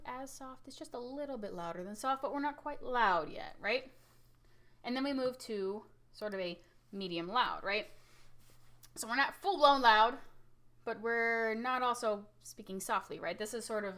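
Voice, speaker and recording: A woman music teacher giving a casual recorded lesson, lively and chatty, often asking "right?" and showing loud and soft with her own voice. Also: mid-range voice.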